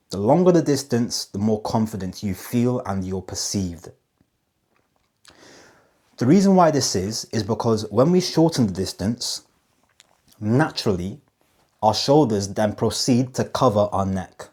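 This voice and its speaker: A man's voice: lowish voice, lively intonation, darkish tone. A man coaching viewers on how they come across, speaking directly to camera with emphatic pacing and rhetorical questions. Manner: emphatic, slows down on key phrases; demonstrative, asks rhetorical questions. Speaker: communication coach.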